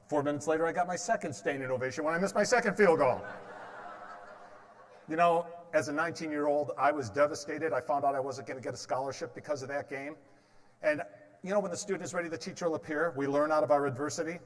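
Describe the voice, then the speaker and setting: A man in his fifties gives a motivational talk in a large hall, his rather high voice trailing a long reverb. He tells stories and keeps quizzing the crowd with questions and jokes. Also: quick pace. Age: 50s. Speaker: motivational speaker. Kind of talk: motivational stage talk with humor.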